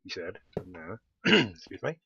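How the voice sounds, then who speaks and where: A man's voice: low voice, sing-song, measured pace, creaky, sharp tone, highs cut off, a little hiss or hum. A man giving casual commentary while playing a game, often bursting into delighted exclamations. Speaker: let's play host.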